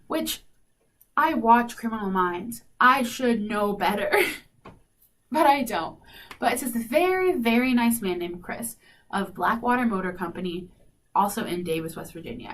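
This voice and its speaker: A young woman from South Dakota, telling a long story in a casual, animated way, filled with "like" and acted-out dialogue. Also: on the high side. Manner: animated, lots of "like", acts out quoted dialogue. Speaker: radio show host. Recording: faint noise, slightly distant mic.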